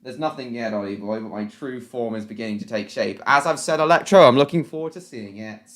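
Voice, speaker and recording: A man's voice: mid-range voice, a little fast, reverberant. Rambling man chatting on a live stream. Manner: rambling, apologetic, greets and answers chat by name. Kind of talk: casual live stream chat. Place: at home at a laptop. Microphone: laptop mic.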